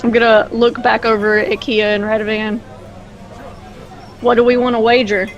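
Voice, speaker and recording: A woman's voice: fairly high pitch, little pitch movement, moderate pace, muffled recording. Hesitant woman player, raised voice. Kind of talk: casual in-character role-play.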